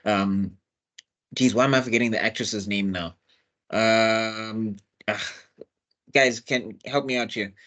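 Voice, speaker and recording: A man's voice: on the low side, steady tone, slow, pauses often, fairly bright tone, muffled recording. A man, chatting casually on a film review panel, opinionated and rambling, often restarting his sentences. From South Africa.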